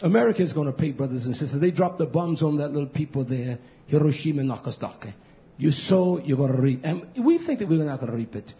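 A man preaching an impassioned sermon, swinging between low mutters and shouted outbursts, drawing out and repeating words for emphasis. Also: lively intonation, fast. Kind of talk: fiery sermon. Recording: dull lo-fi recording.

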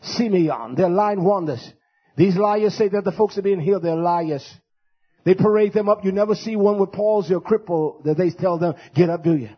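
A husky, high-pitched man preaching a fiery sermon. He swings between loud shouting and low, quiet stretches. The recording is muffled and lo-fi. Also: fairly quick. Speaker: pastor.

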